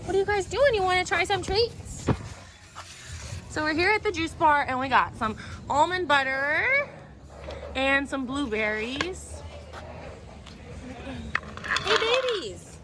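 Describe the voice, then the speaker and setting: A woman's voice: sits high, animated, a little slow, long pauses, background noise. A woman hosting an animal vlog, chatting to viewers in an upbeat way and cooing baby talk at puppies. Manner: upbeat, addresses viewers directly. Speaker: animal channel host. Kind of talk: casual vlog chat.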